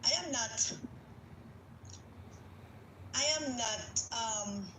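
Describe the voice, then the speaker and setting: Jamaican woman, fairly high voice, agitated political rant, echoey room, loud background noise. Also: extremely slow. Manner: agitated, emphatic, repetitive. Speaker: political commentator.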